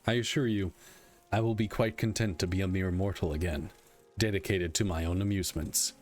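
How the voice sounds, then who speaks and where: A man's voice: low voice, steady tone, faint music behind, close to an everyday voice. A man reading out a weary, candid god-king. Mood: solemn. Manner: reads text aloud in a plain measured voice.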